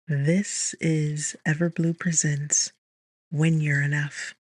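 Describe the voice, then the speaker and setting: A man who hosts and narrates a romance audiobook series in a calm, measured, gentle storytelling manner, recorded close on a studio mic. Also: fairly high pitch, dry recording.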